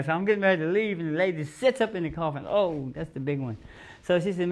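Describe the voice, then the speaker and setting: Guy telling a story on a studio talk show, kinda high voice, does all the voices and laughs a lot. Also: fast talker. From United States. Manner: animated, acts out quotes, laughs often. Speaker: guest musician. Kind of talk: casual storytelling.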